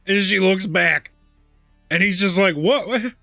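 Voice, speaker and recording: A man live streaming a game, chatting casually and reacting excitably, laughing and swearing as he goes. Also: sits high, unhurried, creaky, no room sound, soft background music. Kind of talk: casual chat while gaming.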